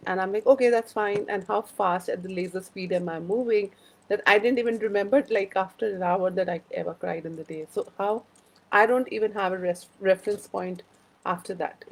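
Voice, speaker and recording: A woman's voice: medium pitch, fairly even intonation, brisk, gravelly, low-quality recording. A woman hosting a casual live-stream chat, rambling through personal stories and greeting viewers by name. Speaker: host of a live wellbeing chat.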